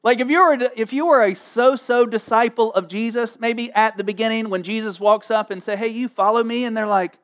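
High-voiced, animated man preaching. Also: a little fast, hardly any pauses. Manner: animated, jokey, acts out the people in the story. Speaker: pastor. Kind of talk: sermon.

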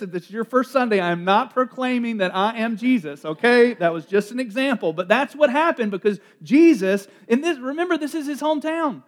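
A middle-aged man preaching a sermon as pastor, animated and joking as he acts out the voices of townspeople. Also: very high voice, brisk, hardly any pauses.

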